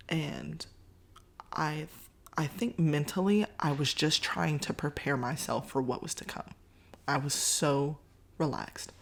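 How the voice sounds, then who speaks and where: A woman, a podcast host telling a story in a casual, animated way and acting out other people's lines. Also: low-pitched. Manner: animated, voices others in quotes, Southern-style "y'all".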